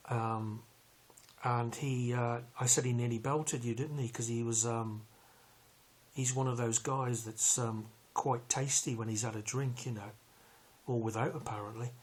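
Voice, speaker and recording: A man tells a personal story in a loose, wandering way, stopping often to fill gaps. His voice sounds husky and a little breathy. It sits at an ordinary middle pitch. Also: fairly even intonation. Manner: rambling, halting, many fillers. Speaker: vlogger recounting a police arrest. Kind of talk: casual storytelling.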